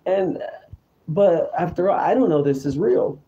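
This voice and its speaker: A man's voice: high-pitched, animated, measured pace, warm tone, muffled recording, a little hiss or hum. A man hosting his own show in a rambling, repetitive, confessional monologue. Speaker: show host.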